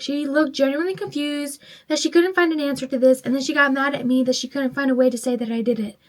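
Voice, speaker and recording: A high-pitched woman talks casually to her camera while putting on makeup, reading online stories aloud. She is a bit tipsy, swears freely and reacts emotionally between the stories. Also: quick pace, hardly any pauses. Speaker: vlogger.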